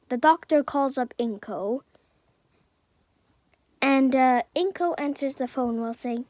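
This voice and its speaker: A woman's voice: high-pitched, measured pace, darkish tone, no room sound. A woman improvising a fan-fiction story aloud, hesitant and full of fillers and self-corrections.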